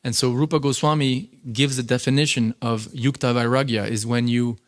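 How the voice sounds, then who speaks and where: This man, with a mid-range voice and a moderate pace, is giving a scripture lesson at a temple. His lecturing is animated and chatty, peppered with filler words.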